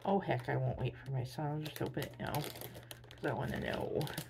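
Tired, gravelly-voiced woman gushing over gifts. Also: extremely low pitch, normal speed, noisy background. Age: adult with a son. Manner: gushing, excitable squeals over cute items. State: tired, drained. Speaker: vlogger. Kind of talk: casual unboxing chat.

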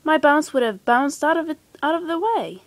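A woman's voice: sits high, expressive, moderate pace, no room sound, pitched above the performer's own voice. Tigger, a glum mumbling tiger, as a woman reads him. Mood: downcast. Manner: sad, mumbling. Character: glum bouncy male tiger toy. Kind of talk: storybook read-aloud.

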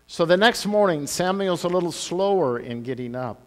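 A pastor telling a Bible story to children, his fairly high voice swinging from soft to loud as he tells it. He speaks in a church sanctuary, and a long hall reverb follows his words. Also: normal speed, few pauses. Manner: animated storytelling with big swings in loudness.

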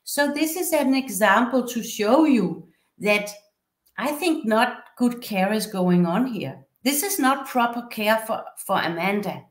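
A woman from Denmark with a Danish accent, a university professor giving a measured, explanatory academic lecture. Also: fairly high pitch, lively intonation. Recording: echoey room.

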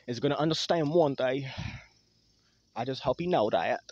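A man's voice: medium pitch, moderate pace, a little mellow, no echo, dull audio. A man, the channel's creator, ranting at his viewers in a confrontational, provoking way.

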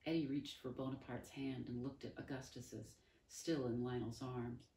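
A woman reading a novel aloud in a calm, measured way. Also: very deep voice, a little hiss or hum. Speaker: storyteller. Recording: roomy, distant mic.

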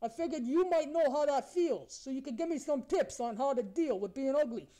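A brash, ugly male monster with razor teeth, voiced by a performer heckles strangers in a comedy video-chat skit. His voice sits high and mellow. He talks in crude, mock-flirty taunts. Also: expressive, brisk. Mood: brash taunting.

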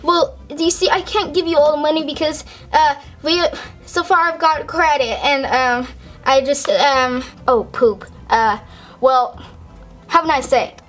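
A woman's voice: high voice, steady tone, unhurried, a bit bright, soft background music. Carl, a woman voicing a chirpy toy pet shopkeeper. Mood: flustered. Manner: chirpy, flustered, stammering. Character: eager young male toy pet shopkeeper. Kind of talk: toy skit role-play.

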